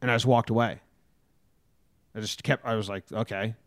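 A young man talking sports in a mid-pitched voice, often hesitant and full of fillers. The sound is dry and close. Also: fairly even intonation, a little fast, dry recording. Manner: chatty, hesitant with many fillers. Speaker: sports podcast co-host. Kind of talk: casual sports chat.

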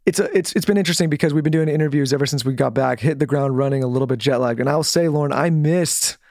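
A man co-hosting a podcast in energetic casual banter, also reading ads, with a dry close studio mic sound. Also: fairly high pitch, quick pace, dry recording. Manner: energetic, swearing, upbeat. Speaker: podcast co-host.

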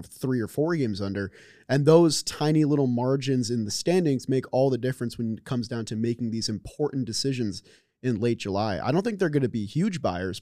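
A man's voice: medium pitch, a little mellow, no room sound, studio quality. A man filling in as co-host on a sports talk show, giving long analytical takes with some stumbles. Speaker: guest co-host.

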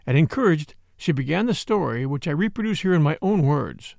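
Guy reading a mystery aloud, gravelly, dry close mic. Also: a little high, animated, a little mellow, dry recording. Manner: measured storytelling. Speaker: audiobook narrator. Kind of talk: scripted narration.

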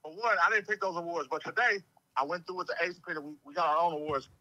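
A man's voice: fairly high pitch, fast talker, pushed and bright, muffled recording. A man calling in to a livestream, bantering and laughing. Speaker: call-in guest. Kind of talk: casual phone-in chat.

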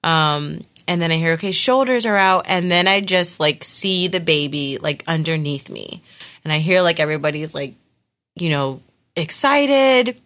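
A young woman telling her birth story in casual chat, animated and full of fillers. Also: low voice, moderate pace.

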